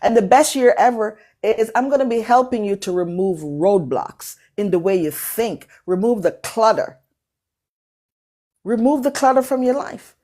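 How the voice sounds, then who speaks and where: A woman's voice: a little high, lively intonation, a little slow, mellow. A middle-aged woman with an accent hosting a motivational talk on a live call, emphatic and preacherly, repeating phrases for effect. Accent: non-native English accent. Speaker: motivational speaker and workshop host.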